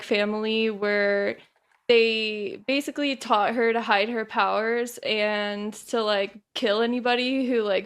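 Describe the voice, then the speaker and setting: A woman introducing her character in casual chat, halting and filling every pause with "like". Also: medium pitch, clear, resonant tone. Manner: halting, heavy use of "like". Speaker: player.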